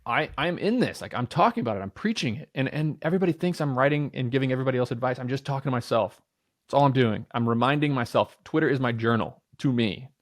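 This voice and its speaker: Energetic, candid man in his thirties. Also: mid-range voice, fast talker, no echo, studio quality. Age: 30s. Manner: energetic, talks with certainty; candid, swears casually. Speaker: entrepreneur guest. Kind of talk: podcast interview.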